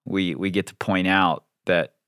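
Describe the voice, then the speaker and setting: A man's voice: deep voice, fairly even intonation, a little slow, pushed and bright, clear, resonant tone, no echo, clean studio sound. A man hosting his own podcast, chatting casually and self-deprecatingly with his listeners. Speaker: podcast host.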